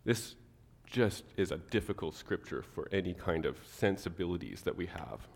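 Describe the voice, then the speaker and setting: A man preaching a sermon to his church, animated, acting out the people he quotes. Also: sits low, normal speed, gravelly, long reverb tail. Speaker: pastor.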